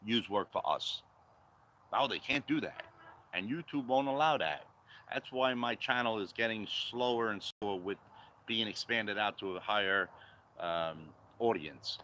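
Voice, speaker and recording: A man's voice: fairly low pitch, normal speed, bright, forceful tone, slight background noise, rough recording. A man giving blunt, confrontational political commentary, firing off repetitive rhetorical questions at the viewer. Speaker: vlogger.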